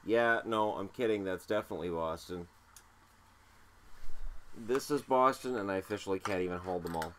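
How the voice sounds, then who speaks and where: Guy with a cold showing off his collection on a vlog, jokey and self-mocking, lowish voice, faint hum behind. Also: moderate pace, pauses often, fairly bright tone. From Canada. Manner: joking, self-mocking, counts items aloud. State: has a cold. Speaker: hockey video host. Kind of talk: casual show-and-tell vlog.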